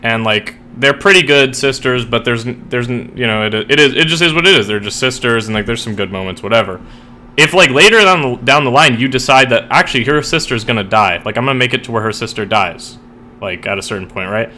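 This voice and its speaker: Bright-voiced young man rambling casually. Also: mid-range voice, fairly quick, slight background noise. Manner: rambling, filler-heavy, swears freely. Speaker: streamer and writer. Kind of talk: casual chat while gaming.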